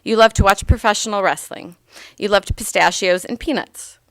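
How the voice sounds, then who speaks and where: A woman's voice: medium pitch, normal speed, no echo. Woman reading a heartfelt eulogy. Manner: heartfelt, gently humorous reading. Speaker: granddaughter giving a eulogy.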